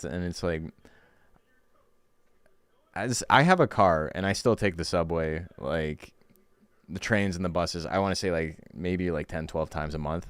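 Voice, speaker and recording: A man's voice: low-pitched, measured pace, pauses often, smooth, no echo. A young man streaming a game, ranting sarcastically in casual chat, swearing and laughing often.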